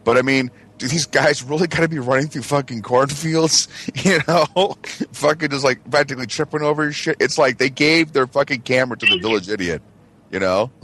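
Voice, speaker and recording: A man's voice: mid-range voice, fairly quick, fairly bright tone, slight background noise. A man co-hosting a talk radio show, ranting casually with lots of swearing and mocking. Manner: emphatic, swearing, mocking impressions. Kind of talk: casual profane chat.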